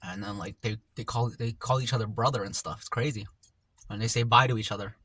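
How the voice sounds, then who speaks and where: A man's voice: lowish voice, steady tone, fast, bright, forceful tone, husky, no room sound. A man telling a story casually while eating on camera, in a rambling, laid-back way full of slang, often trailing off mid-thought. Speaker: mukbang vlogger.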